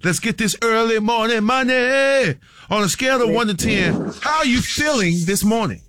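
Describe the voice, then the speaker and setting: A man's voice: very high voice, lively intonation, normal speed, a bit bright. A man hosting a quiz on a morning radio show, upbeat and encouraging with the caller.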